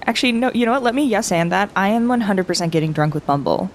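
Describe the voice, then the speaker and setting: A squeaky, tipsy little female reveller, giddy and bouncing about in pitch, as a game master puts her on. Her voice jumps way up high and swings all over. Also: lively intonation, quick pace, slight background noise.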